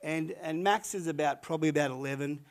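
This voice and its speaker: A man's voice: on the high side, quick pace. A man, a pastor delivering a sermon as a rambling, conversational story with frequent restarts and retold dialogue.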